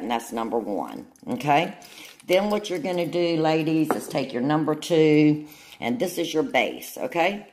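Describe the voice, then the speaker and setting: A woman's voice: extremely low pitch, darkish tone. A woman gives a casual, chatty nail tutorial, often checking in with her viewers. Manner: chatty, keeps checking in with "okay?".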